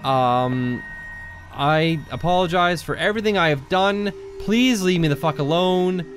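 A man's voice: high voice, expressive, slow pace. A man hosting a horror game let's play, jittery and joking nervously, with frequent swearing. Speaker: gaming channel host. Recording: game music loud behind the voice. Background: game music.

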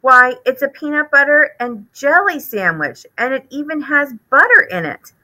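A woman's voice: high voice, expressive, normal speed, pushed and bright, pitched above the performer's own voice, full character voice, rough recording. A woman doing a fretful mother mouse. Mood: anxious. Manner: anxious, pleading. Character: fussy, worried mother mouse.

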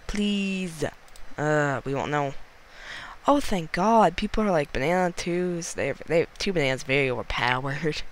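Goofy, excitable man gaming. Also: on the high side, normal speed, slight background noise. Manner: goofy, excitable, talks to himself and the players. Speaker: gaming channel host. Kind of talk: casual gameplay commentary.

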